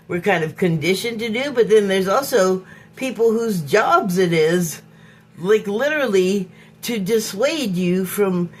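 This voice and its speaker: On her own podcast, a woman from Hollywood, United States, thinks aloud in an unscripted, reflective monologue. Her voice is on the low side, and she speaks in a musing, halting way, frequently pausing for words and beginning phrases again.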